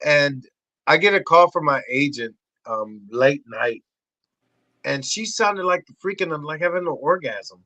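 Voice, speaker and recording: A man in his forties, a podcast guest telling wild stories with swearing and excitable energy. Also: unhurried, no echo, low-quality recording. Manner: excitable, swearing, acts out voices in high shouts. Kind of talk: animated storytelling.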